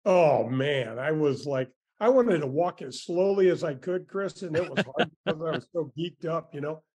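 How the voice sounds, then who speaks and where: A man in his sixties tells his stories with gusto, circling back and restarting his sentences. His voice is warm and mellow and sits a little high. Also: normal speed, husky. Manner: animated storyteller with many restarts and "man" asides. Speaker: former tour golfer, guest. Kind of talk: storytelling interview answers.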